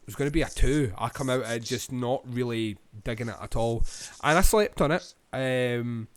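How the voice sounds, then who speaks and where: A Scottish man co-hosting a podcast, giving a rambling film review full of ums and pauses. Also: medium pitch, clear, resonant tone, no echo. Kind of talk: casual film review chat.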